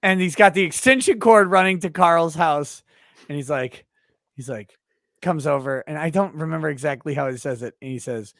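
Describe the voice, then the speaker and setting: Casual, laughing stream host. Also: male voice, on the high side, normal speed, fairly bright tone, no room sound, clean studio sound. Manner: casual, laughing, reads out chat comments. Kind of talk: live-stream interview chat.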